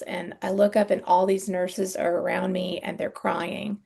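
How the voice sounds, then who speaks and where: A middle-aged woman speaking candidly in a podcast interview, halting and earnest, with frequent ums and soft sighs. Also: on the low side, little pitch movement, creaky, husky. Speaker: guest sharing her story.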